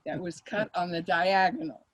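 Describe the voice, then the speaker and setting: A woman's voice: lowish voice, moderate pace, no room sound, rough recording. An older woman, a mediator, speaking as a guest in an interview, telling stories in a reflective way and laughing often. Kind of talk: conversational interview.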